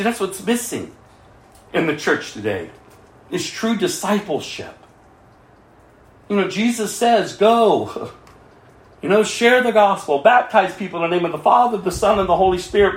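A man preaching a sermon as pastor, swinging from fervent cries to quiet pleading. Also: high voice, echoey room.

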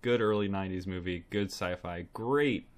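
A man with a fairly low voice, co-hosting a casual film podcast. He talks in a relaxed, wry way and chuckles now and then while he gives his verdicts. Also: moderate pace. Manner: laid-back, wry, chuckling. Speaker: podcast co-host reviewing films. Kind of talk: casual chat.

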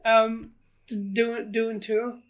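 Co-host, middle pitch, eager and tripping over words. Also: slow pace. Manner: excitable, swears, stumbling restarts. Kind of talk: casual film podcast chat.

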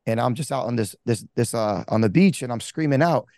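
With vocal fry and a dark tone, a man of medium pitch talks a little fast while telling his life story as a pastor. The testimony is candid and rambling, casual with slang, fillers, and restarts, recorded at studio quality with no room sound.

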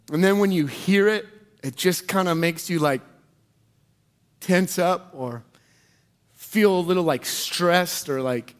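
A man preaching a sermon, telling personal stories in an animated, conversational way and asking the audience questions. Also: high-pitched. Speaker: pastor.

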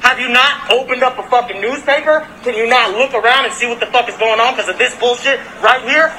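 A man's voice: very high-pitched, brisk, pushed and bright, slight background noise, poor audio. A man in a heated, profane confrontation outdoors on a residential street, filming on his phone. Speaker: delivery worker.

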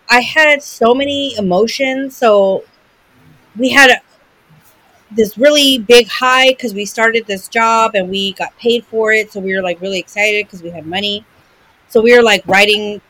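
Bright, dry-sounding woman chatting. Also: mid-range voice, no room sound, poor audio. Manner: emotional storyteller, frequent fillers and restarts. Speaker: podcast co-host. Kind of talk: casual chat.

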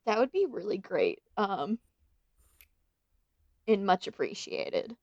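A woman's voice: mid-range voice, wildly swooping pitch, slow, no echo, dull audio. Giggly woman player, dry close sound. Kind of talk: casual tabletop game chat.

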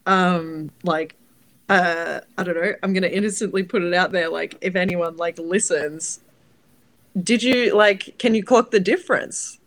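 A woman's voice: fairly low pitch, a little slow, a bit bright. A young Australian woman co-hosting a podcast, chatting casually with a giggly, tentative way of talking. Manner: giggly, tentative, trailing off with fillers. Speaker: podcast co-host. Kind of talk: casual chat.

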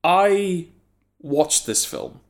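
A man's voice: on the high side, very animated, drawn-out words. A man co-hosting a podcast, casually reviewing a film in a sardonic way and laughing often. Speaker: podcast co-host.

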